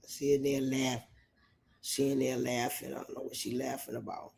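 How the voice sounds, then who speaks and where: A man's voice: mid-range voice, little pitch movement, normal speed, vocal fry, warm tone. A man from New York State hosting a livestream and giving opinions in a rambling, emphatic way, often repeating himself. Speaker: livestream host.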